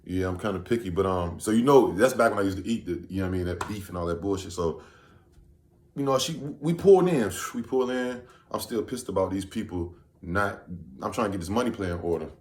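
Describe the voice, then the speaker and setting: Low-voiced man rambling in an echoey room. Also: animated, brisk, darkish tone. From Virginia, USA. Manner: loose, rambling, full of "you know what I'm saying". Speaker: vlogger. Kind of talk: casual storytelling to camera.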